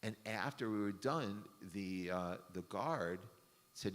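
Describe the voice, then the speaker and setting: A low-voiced man talks as a rabbi, telling a story in a loose, rambling way. He uses lots of fillers and corrects himself as he goes. His voice carries the long reverb of a synagogue hall. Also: slow pace. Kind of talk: casual storytelling talk.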